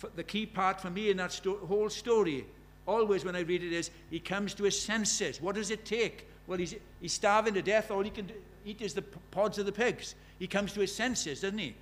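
A man's voice: high-pitched, normal speed, hardly any pauses, fairly bright tone. A man preaching a sermon in a conversational way, asking the congregation many questions and reciting scripture with rising force.

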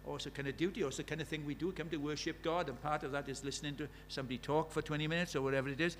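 High-voiced preacher. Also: male voice, fairly even intonation, very fast, a bit bright, slight background noise. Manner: conversational, asks the congregation many questions; recites scripture with rising force. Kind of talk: sermon.

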